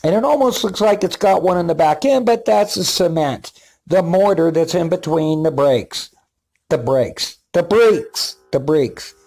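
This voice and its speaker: An older man in a casual vlog, narrating his own video footage in a rambling, halting way, with repeated words and many fillers. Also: sits high, creaky, darkish tone. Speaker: paranormal video maker.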